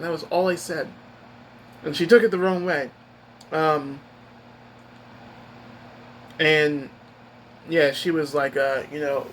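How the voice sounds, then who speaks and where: Male vlogger, higher-pitched voice, aggrieved rambling delivery; faint air conditioning hum. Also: lively intonation, moderate pace, long pauses, fairly bright tone, rough recording. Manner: rambling, upset retelling with many restarts. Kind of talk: casual personal storytelling.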